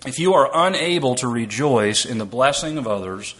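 A male preacher works through a scripture passage, reading verses aloud and explaining them step by step. He keeps checking in with rhetorical questions. His voice sits at an average pitch and has a bright, forceful edge. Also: expressive, moderate pace. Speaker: preacher and Bible teacher. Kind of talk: expository sermon.

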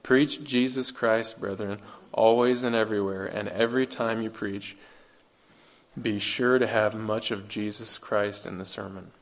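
A man's voice: fairly low pitch, steady tone, a little slow. A man preaching a sermon, earnest and emphatic, repeating phrases and asking his listeners rhetorical questions.

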